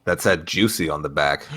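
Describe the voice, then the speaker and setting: A man's voice: lowish voice, bright, forceful tone, slightly rough. A man co-hosting a casual podcast, telling stories with lots of fillers and frequent laughs. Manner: storytelling, laughs often, many fillers. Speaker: podcast co-host. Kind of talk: casual chat.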